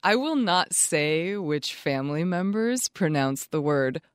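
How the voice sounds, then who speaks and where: A woman's voice: sits low, expressive, measured pace, smooth, dry recording, clean studio sound. A woman co-hosting an etiquette advice podcast, chatting casually, laughing often and saying "like" a lot. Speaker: podcast co-host.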